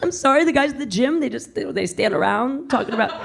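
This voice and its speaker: A woman's voice: fairly high pitch, lively intonation, fast, vocal fry. A woman playing a shy, flustered young woman who stammers, over a laughing club crowd. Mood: timid. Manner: stammering, hesitant. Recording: live club audience laughing.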